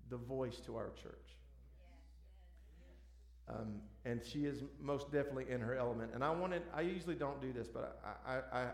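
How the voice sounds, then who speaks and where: A man, a pastor introducing a speaker and praying, often stumbling over and repeating words. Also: mid-range voice. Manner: repeats words, warm halting delivery. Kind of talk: church sermon introduction and prayer. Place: church sanctuary. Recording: echoey church sanctuary.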